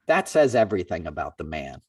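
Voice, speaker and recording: In a brisk, husky voice, a podcast host spins a long, casual story, animatedly acting out quoted people by jumping to a raised, higher voice. He's far from the mic, and the room is dry with no echo.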